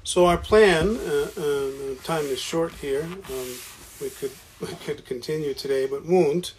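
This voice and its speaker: A man's voice: a little high, a little slow, a little mellow. A man talking casually about founding a college, stopping and restarting often, repeating words as he goes. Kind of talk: casual conversation.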